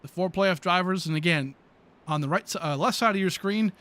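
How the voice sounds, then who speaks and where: High-voiced guy doing live play-by-play on a sim truck race, excitable, lots of fillers. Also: fairly quick. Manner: excitable, chatty, frequent fillers. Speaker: sim racing play-by-play commentator.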